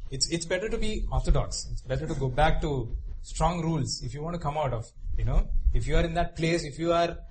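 A male preacher speaks in an earnest, repetitive way, often restarting his phrases and pausing on you-knows. His voice sits a little high for a man. A light hiss of background noise runs under the sermon. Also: a little mellow, low-quality recording.

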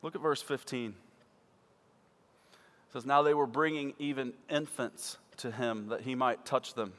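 A man preaching a sermon to his church, swinging from loud emphatic peaks to quiet low asides. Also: steady tone, unhurried. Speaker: pastor. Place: church sanctuary. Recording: church hall with long reverb.

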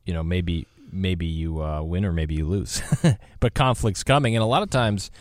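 In a studio, a man with a low voice hosts a live radio talk show at a normal pace, chatting casually. The recording is dry, and his manner is relaxed and rambling, packed with fillers.

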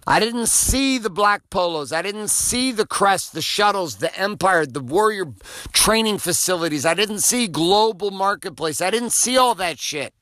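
A man's voice: high-pitched, animated, moderate pace, sharp tone, no echo. Intense, profane motivational man. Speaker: motivational podcast host. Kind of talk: motivational monologue.

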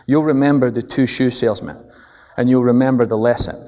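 A man's voice: medium pitch, a little fast. A middle-aged man with a Scottish accent giving a business seminar, telling stories with energy and checking in with the audience. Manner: animated storytelling, checks in with the audience. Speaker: seminar speaker. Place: large presentation hall. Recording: long echo of a large hall.

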